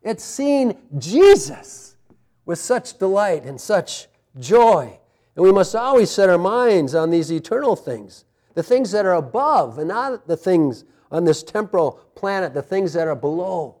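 A man's voice: sits high, sing-song, normal speed, darkish tone. A man preaching a sermon as a pastor, conversational, with personal asides, laughs and calls of amen.

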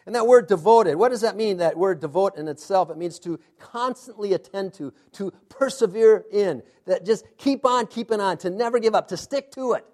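A man preaching a sermon, emphatic, asking the congregation to fill in words and dropping to hushed, intense asides. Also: high-pitched, normal speed, few pauses. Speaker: pastor.

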